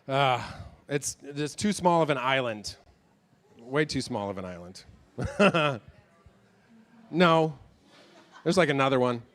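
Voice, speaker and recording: Speaking slowly with long pauses, this comedian has an animated, mid-range, slightly bright voice. His rambling set is self-focused and self-deprecating, full of swearing and jokes he revises mid-stride.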